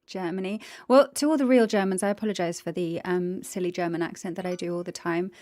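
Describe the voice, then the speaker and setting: A woman's voice: fairly low pitch, fairly even intonation, fast talker, a little mellow. A woman chatting casually on a livestream, greeting viewers, giggling, tired after the gym. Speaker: streamer.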